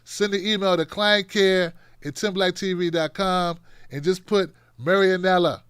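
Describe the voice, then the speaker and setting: Male live-stream host, high voice, bone-dry sound; sarcastic, animated chat-reading. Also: measured pace, smooth, no room sound. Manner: animated, sarcastic, swinging between loud outbursts and muttering. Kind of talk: live-stream commentary reading viewer comments.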